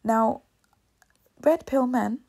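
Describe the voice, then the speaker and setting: A woman's voice: on the high side, extremely slow, creaky, dark tone, breathy edge. A woman giving an earnest, emphatic commentary monologue, repeating her points for stress.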